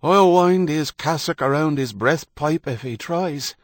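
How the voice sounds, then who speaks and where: A reader putting on a toothless old geezer, cracked and high-pitched, bitter and worn out, dry close sound. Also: male voice, takes it slowly, darkish tone, no room sound.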